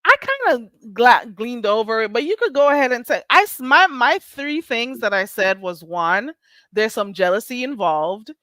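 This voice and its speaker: A woman's voice: a little high, expressive, normal speed, bright, forceful tone, dry recording. A woman hosting a casual livestream, talking bluntly and animatedly with bursts of laughter. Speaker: livestream host.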